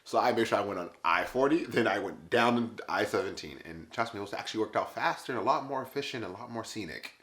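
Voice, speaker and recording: A man vlogging, telling a story in a casual, animated way, laughing often and acting out what others said. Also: lowish voice, fast talker, few pauses. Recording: echoey room.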